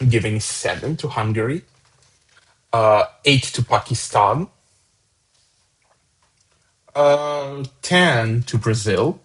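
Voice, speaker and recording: A husky, mid-range male voice moves at a slow pace with long pauses, reading out votes live for a fan song contest. He's casual and chatty, with asides and upbeat reactions to the scores, on a rough recording.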